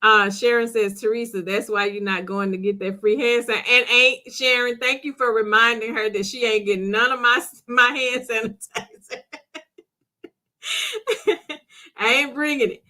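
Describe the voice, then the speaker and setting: Bright-voiced woman chatting with commenters. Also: on the high side, fairly even intonation, moderate pace, pauses often. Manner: chatty, laughs often, talks back to commenters. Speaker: livestream host reading viewer comments. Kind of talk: casual chat.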